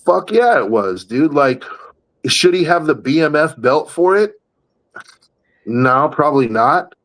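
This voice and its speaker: A man's voice: a little high, very animated, measured pace, fairly bright tone, rough recording. A man co-hosting a podcast in casual chat, talking bluntly and emphatically, swearing freely. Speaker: podcast co-host.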